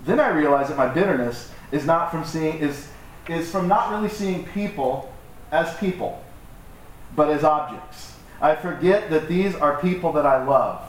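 A man preaching to his congregation in a relaxed, joking way, acting out the voices of the people in his stories. His voice sits a little high. It is picked up from far off in a very echoey hall, with faint room noise behind. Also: normal speed. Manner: conversational, joking, acts out quoted voices. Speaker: pastor. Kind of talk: sermon. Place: church hall.

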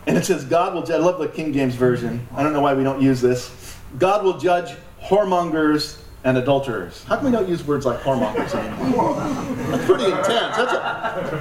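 A man's voice: fairly high pitch, big pitch swings, moderate pace, a crowd in the background. A man preaching a sermon as pastor, emphatic, with joking asides and laughs. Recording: echoey hall from far off, light ambience.

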